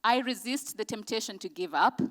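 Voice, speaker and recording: A woman's voice: fairly high pitch, expressive, normal speed, a bit bright. A woman giving a motivational speech at a conference, speaking in short emphatic declarations and leading the audience in repeated affirmations. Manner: leads the audience in call-and-response. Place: large conference hall. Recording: long hall reverb.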